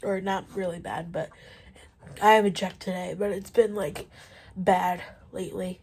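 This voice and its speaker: A woman's voice: fairly low pitch, measured pace, husky. A woman in her twenties chatting casually in a vlog, her voice stuffy from allergies, rambling along with plenty of fillers while riding an exercise bike at home. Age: 20s. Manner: rambling, relaxed, lots of fillers. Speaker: vlogger.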